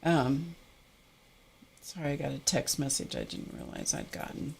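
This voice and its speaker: A chatty woman talks her viewers through her craft work on a live stream, laughing as she goes. Her voice sits a little low for a woman. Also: normal speed, creaky, a little hiss or hum. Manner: chatty and animated, laughs often. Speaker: art livestream host. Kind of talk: casual live-stream chat while crafting.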